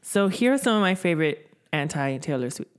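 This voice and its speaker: A woman's voice: fairly low pitch, lively intonation, a little fast, clear, resonant tone. A woman co-hosting a casual chat, sarcastic and profane, often laughing as she talks. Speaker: podcast co-host.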